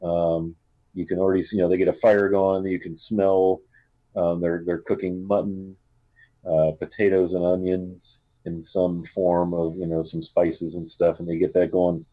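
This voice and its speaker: A man's voice: deep voice, flat delivery, moderate pace, no echo. A man running a tabletop game as game master, describing the scene loosely with lots of fillers. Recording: dull lo-fi sound.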